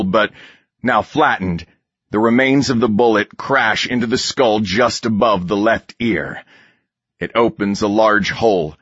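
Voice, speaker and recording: A man reading a war novel aloud as an audiobook narrator, in steady, measured scripted narration. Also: on the low side, breathy edge, no echo, highs cut off.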